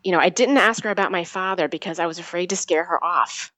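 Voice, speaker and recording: Telling her own story in an interview, this woman in her forties is earnest but halting, frequently starting sentences over. She has a lowish, bright voice with a forceful tone, and there's no echo.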